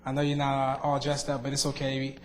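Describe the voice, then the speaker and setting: A young man, the outgoing student board member, gives a halting farewell speech at a board meeting, full of fillers and restarts. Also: mid-range voice, completely flat delivery. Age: young adult. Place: school board meeting room. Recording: long reverb in a meeting hall.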